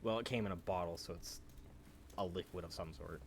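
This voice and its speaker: A man's voice: sits low, brisk, gravelly, a little hiss or hum. A man streaming a video game, explaining its mechanics in a joking, casual chat.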